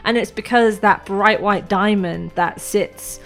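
A woman game master narrates a tabletop campaign, painting scenes in lively detail and laughing easily. Her voice sits at a middle pitch. Soft music plays faintly underneath. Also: measured pace, gravelly. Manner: lively, vivid scene-setting with frequent laughs.

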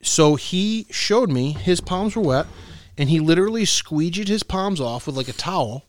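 A man's voice: on the high side, expressive, normal speed, no room sound. A man co-hosting a podcast, playful and goofy, fond of bad jokes. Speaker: podcast co-host. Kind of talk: casual chat, whisky tasting.

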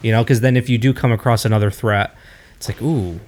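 A man co-hosting a casual chat about fighting, thoughtful and often pausing to find his words. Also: fairly low pitch, fairly even intonation, darkish tone. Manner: thoughtful, hesitant, searches for words. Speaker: co-host.

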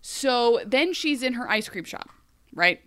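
Animated young woman recapping TV. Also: on the high side, dry recording. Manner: animated, acts out characters' lines in quick voices. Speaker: podcast co-host. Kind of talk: casual TV recap chat.

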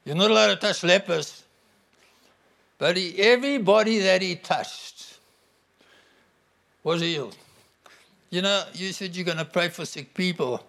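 High-voiced man preaching a sermon. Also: a little slow, vocal fry, long pauses, a bit bright. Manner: conversational, declaring scripture with emphasis.

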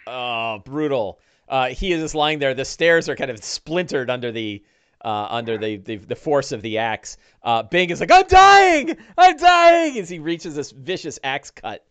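A man narrating as game master, describing combat and breaking into loud monster voices. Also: medium pitch, moderate pace, clear, resonant tone. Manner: lively narration with shouted orc voices.

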